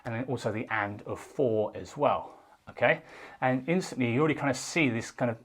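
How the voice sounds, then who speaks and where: A man teaching a casual guitar lesson, talking in a relaxed way and counting beats out loud while he strums. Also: mid-range voice, fairly quick. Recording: faint guitar playing behind.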